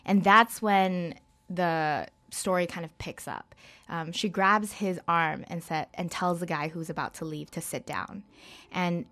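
A woman's voice: lowish voice, steady tone, unhurried, a bit bright. A woman chatting casually as an interview guest, talking about films with lots of fillers and hedges. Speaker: guest film reviewer.

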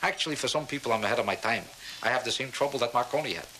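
A man doing a stand-up routine, with deadpan, mock-serious bragging to a laughing audience. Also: mid-range voice, rapid-fire, noisy background. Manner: deadpan boastful delivery with mock-serious asides. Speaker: stand-up comedian.

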